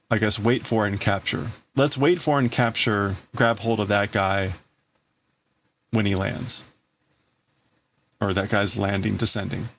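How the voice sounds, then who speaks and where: A man's voice: lowish voice, a little hiss or hum. A man hosting a livestream, casually translating a manga aloud and thinking through each wording as he goes. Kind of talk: casual live translation commentary.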